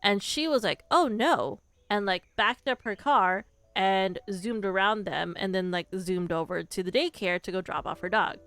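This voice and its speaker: Giggly young woman streamer, smooth voice. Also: mid-range voice, normal speed, hardly any pauses, fairly bright tone, no echo. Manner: chatty storyteller, giggles often. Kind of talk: casual chat with live chat. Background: faint background music.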